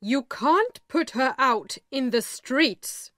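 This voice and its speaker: A woman voicing a calm, blunt male lawyer who speaks in a measured, matter-of-fact way. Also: high voice, dry recording, clean studio sound, pitched above the performer's own voice, full character voice.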